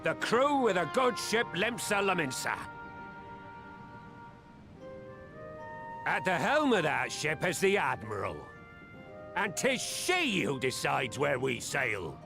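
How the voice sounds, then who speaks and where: An actor playing a weathered old male pirate captain who scolds and rallies his crew in gruff pirate speech for a game cutscene. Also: on the high side, sing-song, measured pace, exaggerated voice. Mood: scolding. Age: older. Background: game music.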